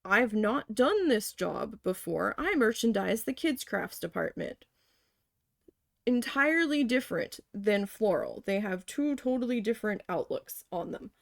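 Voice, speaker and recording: A woman's voice: medium pitch, unhurried, creaky, dry recording, studio quality. A woman telling a story about her job in a casual way while she paints, acting out what she and her boss said. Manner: animated retelling, acting out her boss and her own panic. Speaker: painting livestreamer.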